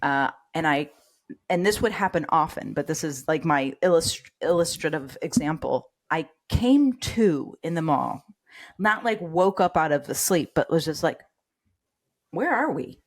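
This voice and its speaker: A woman's voice: low voice, moderate pace. Woman telling a personal story with animation. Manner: animated storytelling with quoted voices. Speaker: guest, nurse and educator. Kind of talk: personal story in a podcast interview.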